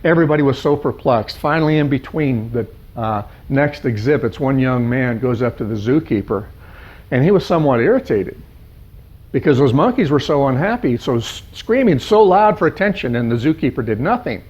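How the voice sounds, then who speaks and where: A male life coach telling a parable in an animated storytelling manner, piling up lists of words. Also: medium pitch, brisk, breathy edge. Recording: dull lo-fi sound.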